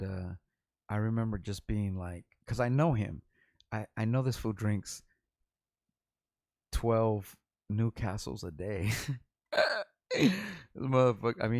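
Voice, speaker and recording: A man's voice: fairly low pitch, creaky, a little mellow, no room sound, clean studio sound. A man in his forties from Los Angeles, a rapper talking in a rambling, profane and candid vlog monologue.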